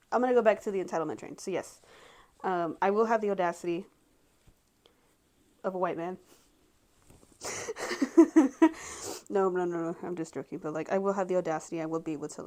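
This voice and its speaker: A woman in her twenties talking casually and frankly to her camera at home, rambling with many fillers. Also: fairly low pitch. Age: 20s. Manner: rambling, heavy use of filler words, frank and expressive. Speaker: vlogger.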